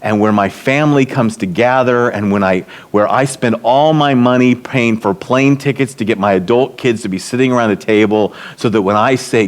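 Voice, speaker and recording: A man's voice: mid-range voice, moderate pace, hardly any pauses. Middle-aged man telling stories at a church event. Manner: warm storytelling, acts out quotes with raised voice. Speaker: speaker at a church leadership event. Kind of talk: storytelling talk.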